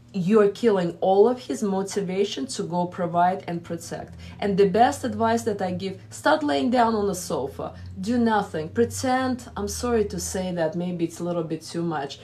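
A woman's voice: medium pitch, moderate pace, darkish tone, a little hiss or hum. Woman giving earnest relationship advice. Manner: earnest, advising, with quoted asides. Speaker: relationship coach, host. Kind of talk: live Q&A advice talk.

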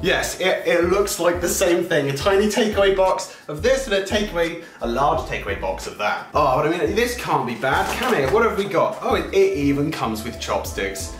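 A young man hosts a food taste-test vlog in an animated, exclaiming way, his pitch jumping around. His voice sits a little high. The room is echoey, with faint music underneath. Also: moderate pace, hardly any pauses. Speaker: YouTuber host.

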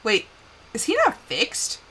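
A woman's voice: slow pace, sharp tone, slight background noise. A young woman streaming a life-simulation game, chatting casually, laughing often and talking to the characters on screen. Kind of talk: casual live-stream commentary.

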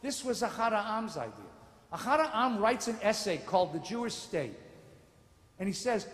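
Animated rabbi in an echoey sanctuary. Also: male voice, high voice, normal speed. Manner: animated, sardonic storytelling with mock voices. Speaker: rabbi giving a lecture. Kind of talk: lecture with humor. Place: large synagogue sanctuary. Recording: echoey sanctuary with long reverb.

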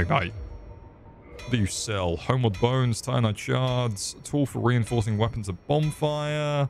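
A man's voice: mid-range voice, a little slow, creaky, soft background music. Sweary man commenting on a game. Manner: swearing, joking, chatting to viewers. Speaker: streamer. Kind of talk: casual gaming commentary.

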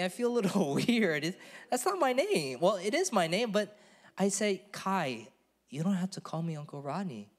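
Man, pastor, fairly high voice, earnest, emphatic, conversational sermon, church. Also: big-room sound. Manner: earnest, emphatic, calls on the congregation to repeat words.

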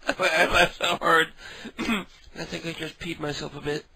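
Guy prank calling, high gravelly voice, slow, cracking up and out of breath, all sing-songy. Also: steady tone, bright, forceful tone, slight background noise. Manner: giggling, wheezing with laughter between calls; mock-friendly, calls people love and dear. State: out of breath from laughing. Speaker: prank caller. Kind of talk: prank phone call.

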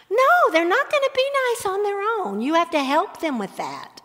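A middle-aged woman teaching a Bible study on parenting, talking in a conversational, animated way. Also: high voice. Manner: conversational, animated, with laughs and acted-out examples. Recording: echoey hall with long reverb.

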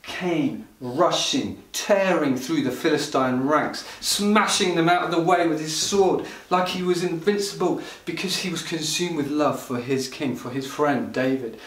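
Male pastor preaching slow and fired up, echoey hall, mic kinda far away. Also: fairly high pitch. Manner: impassioned, builds to loud pleading cries. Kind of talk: livestreamed sermon. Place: church hall. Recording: roomy hall sound from a distant mic.

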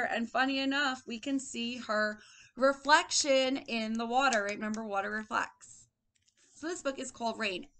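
A preschool teacher leads a circle-time lesson for young children, prompting them in a patient, sing-song way in an indoor room with a table. She's recorded on a laptop microphone, and her voice is on the high side with a fairly bright tone.

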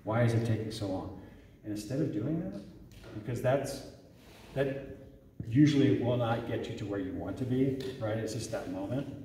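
A man with a low, mellow voice talks to a room of parents, tossing in "okay?" and "right?" as he goes. He is heard from far off in a church hall with long, echoing reverb. A faint room hum sits behind him. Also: normal speed. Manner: conversational, checks in with "okay?" often. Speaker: youth ministry director giving a parent talk. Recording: echoey hall recorded from far off.

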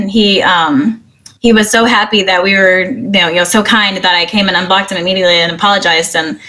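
A woman's voice: medium pitch, steady tone, a little fast, sharp tone. Middle-aged woman with a Missouri accent, guest on a stream show, earnest and upbeat, lots of filler words, mid-range voice. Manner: earnest and upbeat, lots of "um" and "you know", giggles often. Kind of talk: casual interview chat.

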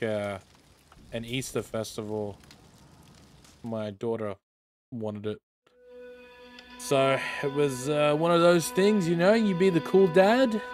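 A man chatting easily as he streams a game, relaxed and talkative, thanking followers as he plays. His voice sits at a middle pitch, with game music playing clearly beneath him. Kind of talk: casual chat while gaming. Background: game music and horse hooves.

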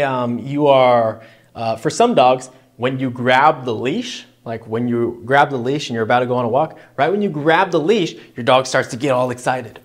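A young adult man, a dog trainer, explaining and demonstrating collar training step by step, checking in with frequent "right?" tags. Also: on the high side. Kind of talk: instructional demo.

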